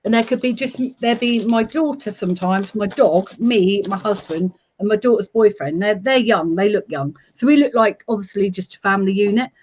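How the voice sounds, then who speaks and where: Woman, blunt, animated, laughs a lot, muffled lo-fi audio. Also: mid-range voice, normal speed, hardly any pauses. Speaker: urban explorer, live chat co-host. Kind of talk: casual live chat.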